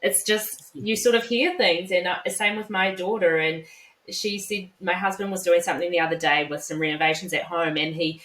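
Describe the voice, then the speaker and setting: A woman in her thirties, a psychologist guest, explaining calmly with everyday examples. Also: on the low side. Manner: calm, measured, explains with examples. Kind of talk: conversational explanation. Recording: roomy echo.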